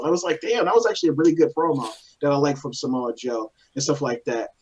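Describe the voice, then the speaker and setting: Husky-voiced man in casual chat. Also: fairly high pitch, sing-song, quick pace, hardly any pauses, poor audio. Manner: loose, rambling, swears casually. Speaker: co-host.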